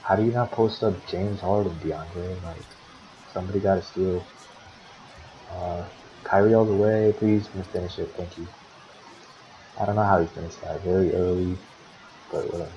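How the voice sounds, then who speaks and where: A manager in a basketball sim league casually commentates a simulated game for his own team, swearing often and grumbling about his players. His voice is low-pitched and dark, fairly even in intonation, at a moderate pace with frequent pauses. The dull lo-fi audio has slight background noise.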